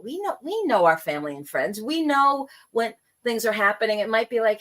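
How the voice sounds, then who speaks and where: Middle-aged woman guest, animated storyteller who plays out quoted voices, slightly high pitch. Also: a little fast, hardly any pauses. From New York. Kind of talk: casual conversation.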